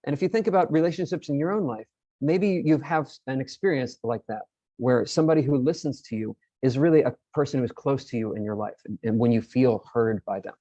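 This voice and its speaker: A man's voice: mid-range voice, brisk, mellow, no echo, muffled recording. A man presenting an online teacher-training session, explaining in a friendly way and often repeating his words.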